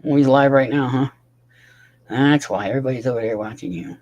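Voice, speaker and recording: A man's voice: medium pitch, a little fast, a little mellow, lo-fi sound. A tired man rambling casually to his livestream chat, swearing often and talking to viewers by name.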